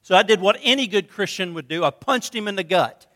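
A man with a high, bright, ringing voice preaches in a sanctuary, and his words trail off into the long reverb of a church hall. He talks in a relaxed, conversational way, telling stories with a light sense of humor. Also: a little fast. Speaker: pastor. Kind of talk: sermon.

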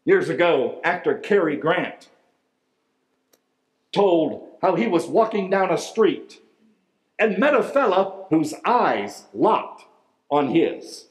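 A man, a pastor, preaching a sermon in a deliberate, emphatic way, drawing out key words. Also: high voice, big pitch swings. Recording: echoey room.

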